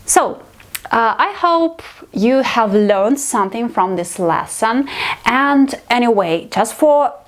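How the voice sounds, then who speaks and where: Slow-speaking woman language teacher. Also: fairly high pitch, lively intonation. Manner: patient, explains step by step in simple non-native English. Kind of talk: online video lesson.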